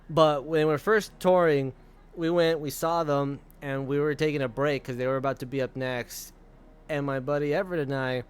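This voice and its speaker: A man's voice: fairly high pitch, clear, resonant tone. A young man streaming, casually telling a rambling story with frequent laughs and swearing. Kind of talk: casual storytelling while gaming.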